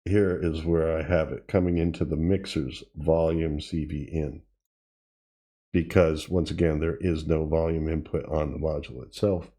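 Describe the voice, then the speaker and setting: A man hosting a tutorial, casually demonstrating gear and thinking aloud with pauses and self-corrections. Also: a bass voice, level tone, dark tone. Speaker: tutorial host. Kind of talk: casual demo while playing. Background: drum machine sounds he is playing.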